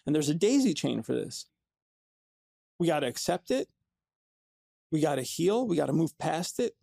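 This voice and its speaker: Male podcast host, earnest and conversational, dark gravelly tone, slightly high pitch. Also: very animated, normal speed. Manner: earnest, conversational, repeats phrases. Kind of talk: reflective monologue.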